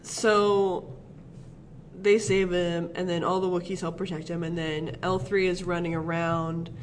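A man's voice: sits high, flat delivery, a little slow, slight background noise, rough recording. A man co-hosting a podcast, rambling through a film recap in casual chat and laughing often. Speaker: podcast co-host.

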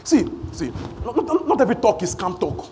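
A man preaching a sermon in church. He repeats phrases for emphasis and swings between shouting and hushed asides. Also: extremely high pitch, big pitch swings, fast talker, a little hiss or hum. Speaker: pastor.

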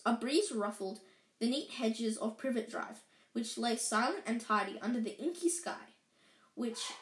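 A woman reading a storybook aloud in an unpolished way, often stumbling and correcting herself. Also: a little high. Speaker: reader. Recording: echoey room.

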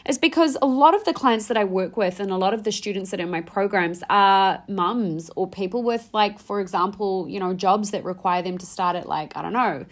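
A woman's voice: medium pitch, brisk, few pauses. Hyped young woman podcaster. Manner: hyped, slangy, swears casually. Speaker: podcast host and mindset coach. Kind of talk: energetic podcast monologue.

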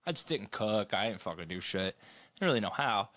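A man's voice: lowish voice, lively intonation, a little fast, pushed and bright. A young man co-hosting a podcast, chatting casually, laughing often and rambling with plenty of swearing. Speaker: podcast co-host. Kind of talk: casual chat.

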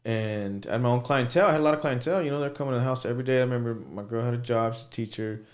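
A man's voice: medium pitch, racing. A young man who works as a tattoo artist, a guest on a podcast, talking casually, cursing freely and saying "you know" a lot. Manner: laid-back, swears a lot, fills talk with "you know".

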